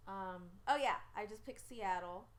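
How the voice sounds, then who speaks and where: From home, a woman hosts a laid-back sports picks stream, reading viewers' picks and comments into her webcam. Her voice sits at a medium pitch and moves unhurriedly, and she chats and rambles, often losing track.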